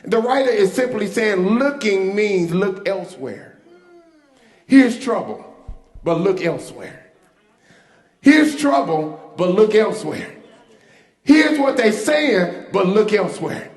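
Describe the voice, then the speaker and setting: A male pastor preaching a sermon, leading the congregation in call-and-response and building to shouts. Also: sits high, animated, measured pace. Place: church sanctuary. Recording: echoey church hall with music.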